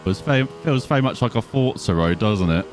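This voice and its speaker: A man's voice: fairly low pitch, lively intonation, normal speed. Casual man narrating his racing game, chatty and self-mocking, faint background music. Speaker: gaming video host. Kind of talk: casual gameplay commentary.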